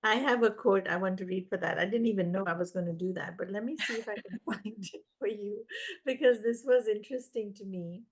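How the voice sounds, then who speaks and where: Woman, parenting expert, casual conversation, animated, acts out voices. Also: mid-range voice, a little fast.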